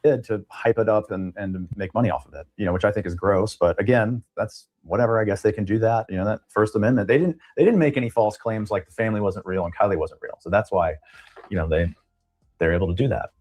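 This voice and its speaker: A man explaining points on a casual livestream panel in a measured way, with frequent restarts. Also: fairly low pitch, darkish tone.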